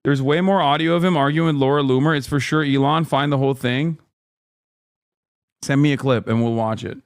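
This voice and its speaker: A man's voice: mid-range voice, brisk, clear, resonant tone, dry recording, clean studio sound. Blunt, swearing male streamer. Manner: blunt, swears freely, talks to chat. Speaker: streamer reacting to clips. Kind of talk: casual profane stream chat.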